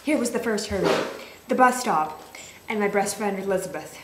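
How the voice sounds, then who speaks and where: A woman's voice: medium pitch, animated, normal speed, fairly bright tone. A woman in a writing group reading her own story aloud, playful and laughing at dramatic lines. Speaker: creative writing group member. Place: room with a small group. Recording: echoey room, faint noise.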